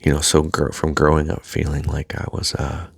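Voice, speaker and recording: Deep gravelly husky man, half-whispered. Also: completely flat delivery, no echo. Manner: soft, halting, drifts into a near-whisper. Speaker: self-help speaker. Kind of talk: reflective personal monologue.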